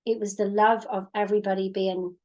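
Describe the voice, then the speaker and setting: A woman's voice: mid-range voice, level tone, a little fast, darkish tone, lo-fi sound. A woman in her fifties co-hosting a casual chat as a mindset coach over a video call, talking in a reflective, hesitant way. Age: 50s. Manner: reflective, hesitant, with fillers and restarts.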